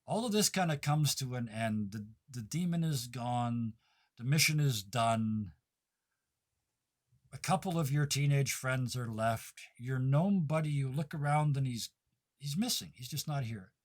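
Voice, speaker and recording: A man running a tabletop game as game master, playful and quick to laugh, often stopping to correct himself. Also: medium pitch, animated.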